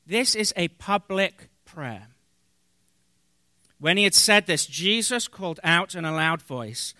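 High, bright-voiced man preaching. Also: dry recording, clean studio sound. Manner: earnest preaching with pauses and fillers, reading scripture aloud. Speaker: pastor. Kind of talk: sermon.

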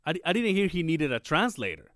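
A man co-hosting a podcast tells a story in loose, profane chat. He acts out quotes and his voice jumps up as he does. His voice sits slightly high and sounds dry and close. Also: fast, dry recording. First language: Spanish. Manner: animated, swearing, acts out quotes with rising voice. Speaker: podcast co-host.

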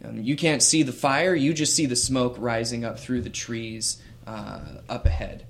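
A man's voice: mid-range voice, fairly even intonation, slight background noise. A man narrating a tabletop game as game master, with frequent hesitations and fillers. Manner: slow, hesitant, with many fillers.

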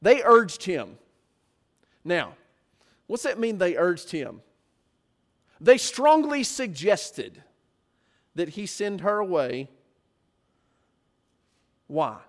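A man's voice: sits high, sing-song, drawn-out words, pauses often, fairly bright tone. A man preaching a sermon, often putting rhetorical questions to his listeners.

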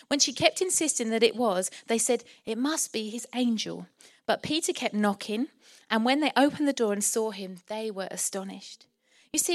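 A woman's voice: on the high side, no room sound, clean studio sound. A middle-aged woman from England preaching a sermon as pastor, impassioned and rousing, acting out the voices in her story.

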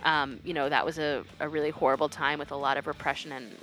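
A woman's voice: sits low, flat delivery, fast, a bit bright. A woman co-hosting a podcast, explaining a topic in casual chat and laughing easily. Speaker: podcast co-host.

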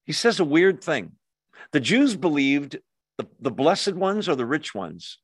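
A man's voice: fairly high pitch, very animated, breathy edge, no echo, studio quality. Conversational man teaching Bible study. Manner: conversational, with pauses, fillers and quick asides.

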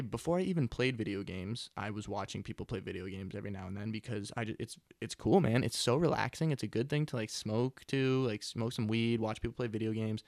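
Twenties male podcaster, laid-back profane chatter, gravelly, dry close mic. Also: fairly low pitch, darkish tone, no echo. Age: 20s. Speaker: podcast host. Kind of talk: casual rambling monologue. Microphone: close studio mic.

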